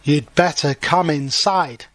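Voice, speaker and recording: A man voicing a friendly, proud little male house mouse in a storybook reading, speaking slowly. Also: a little high, a bit bright, dry recording. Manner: slow, deliberate storybook dialogue.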